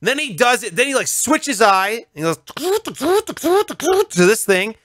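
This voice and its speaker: A male radio host in casual conversation, telling a story in an animated way and acting out voices and sounds. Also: extremely high pitch, slow, dry recording, studio quality. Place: radio studio.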